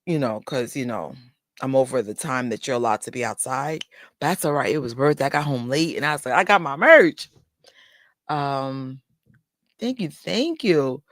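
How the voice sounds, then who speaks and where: A woman's voice: extremely low pitch, normal speed, no echo, clean studio sound. A woman vlogger from New York chatting casually to her viewers, telling rambling stories full of fillers and asides. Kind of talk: casual livestream chat. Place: indoors under a bright light.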